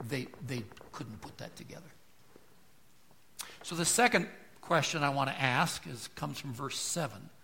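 A pastor preaching a sermon with emphatic rhetorical questions, his loudness swelling and dropping. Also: on the high side, creaky.

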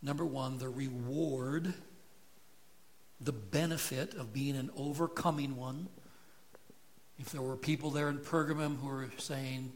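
Slow-speaking earnest male preacher. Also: medium pitch, fairly even intonation, a little hiss or hum. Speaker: pastor. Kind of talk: expository sermon.

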